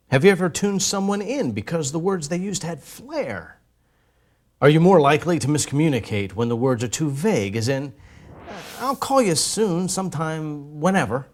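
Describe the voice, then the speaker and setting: A man's voice: mid-range voice, darkish tone. A man giving scripted narration for an educational video, playful and theatrical in his emphasis.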